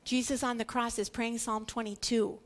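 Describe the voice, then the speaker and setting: Animated woman teaching scripture. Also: fairly high pitch, normal speed. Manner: animated, emphatic, dramatizes quotes, repeats for stress. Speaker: Bible teacher.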